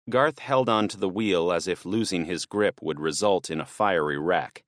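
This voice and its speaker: Casting: deep male audiobook narrator, measured and even, dry close studio sound. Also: dry recording. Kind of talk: scripted narration.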